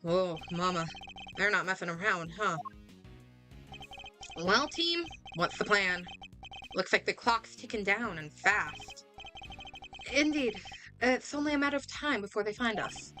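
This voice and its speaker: A woman doing a gruff friendly male detective. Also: medium pitch, animated, a little slow, pauses often, sharp tone, pitched below the performer's own voice. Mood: hearty. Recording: clear game music behind voice.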